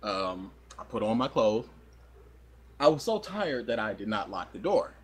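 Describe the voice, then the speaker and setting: A young man co-hosting a podcast, telling a story in casual chat, animated and laughing often as he acts out quoted voices. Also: fairly low pitch, a little slow, breathy edge. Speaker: podcast co-host.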